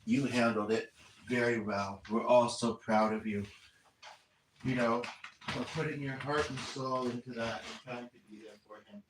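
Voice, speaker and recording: Earnest, rambling man, medium-pitched, off-mic in an echoey home room with faint background noise. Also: fairly even intonation, normal speed. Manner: rambling, self-interrupting, earnest. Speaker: spiritual medium relaying messages. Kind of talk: casual livestream chat. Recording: roomy echo, distant from mic, faint noise.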